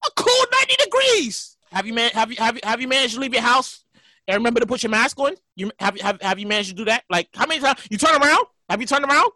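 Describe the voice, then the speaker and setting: A high, lively male voice, the host of a casual podcast chat, swearing freely and acting out scenes in loud bursts. The sound is bright and very dry, close to the mic with no room around it. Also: fast, no room sound. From New York. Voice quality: animated, profane, laughing often. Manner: storytelling with loud mock reenactments.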